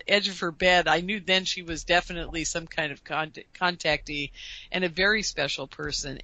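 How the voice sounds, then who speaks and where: A woman's voice: lowish voice, pushed and bright, dry recording, rough recording. A woman, a conference organizer, telling a story in a casual interview and stumbling over repeated words.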